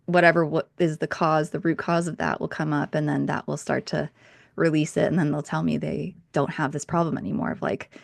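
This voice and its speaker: A woman hosting a podcast, talking in a loose, meandering way full of "like" and "um." Her voice sits deep and gravelly with a lot of fry, and it sounds dry and close to the mic. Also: level tone, fairly quick, no echo. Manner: rambling, filler-heavy, reflective. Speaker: podcast host. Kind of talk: casual interview chat.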